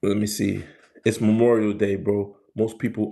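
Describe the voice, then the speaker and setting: This Bronx man's voice is on the low side, gravelly and dark, with a flat delivery at a moderate pace. Hosting his livestream in a New York accent, he chats with viewers in street slang and keeps repeating phrases.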